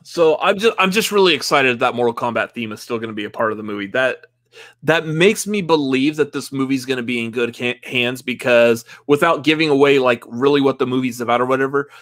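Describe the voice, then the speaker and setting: A man's voice: medium pitch, a little fast, fairly bright tone, dry recording. A man co-hosting a casual live movie-news stream, chatty and full of fillers, laughing often. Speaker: movie podcast co-host.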